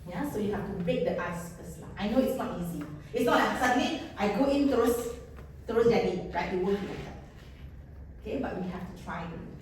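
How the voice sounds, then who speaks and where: A woman with a Malaysian English accent leading a live workshop as a trainer, animated and code-switching, often checking in with "right?". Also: mid-range voice, fairly quick, a little hiss or hum. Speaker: corporate trainer. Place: large echoey training room. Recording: echoey room from far off.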